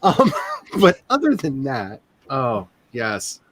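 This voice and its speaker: A man's voice: medium pitch, takes it slowly, noisy background. A man hosting a writing stream, chatting casually and gushing with frequent laughter. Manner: animated, gushing, laughs often. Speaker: author and stream host.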